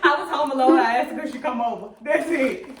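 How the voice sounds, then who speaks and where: A young woman casually telling a story at home, animated and laughing, acting out what others said. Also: sits high, fast talker, distant mic, crowd noise. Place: room at home while getting her hair done. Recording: roomy, off-mic, faint hiss.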